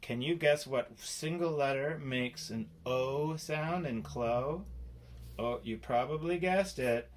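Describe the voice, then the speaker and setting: A man teaching a children's phonics lesson in a slow, playful way, sounding out letters and syllables. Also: mid-range voice, a little hiss or hum. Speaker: spelling teacher.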